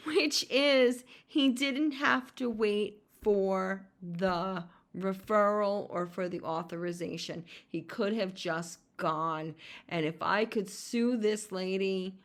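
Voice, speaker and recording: A woman's voice: mid-range voice, a bit bright. A middle-aged woman caregiver telling a personal story in an emotional monologue, venting with heated outbursts and frequent swearing. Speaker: podcast host and caregiver.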